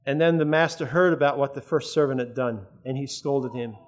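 A man's voice: medium pitch, fairly quick. A man preaching a sermon in an earnest, conversational way, often checking that his listeners follow.

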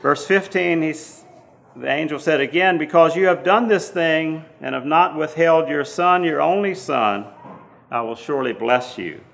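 A man preaching a sermon, teaching slowly from the Bible with frequent fillers and restarts. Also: fairly high pitch, gravelly, fairly bright tone.

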